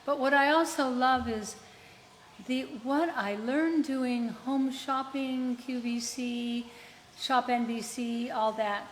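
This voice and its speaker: A female host and performer runs a casual live chat, chatty and teasing. Her voice sits high, her intonation is fairly even, and she speaks slowly. The room is reverberant, with faint background noise.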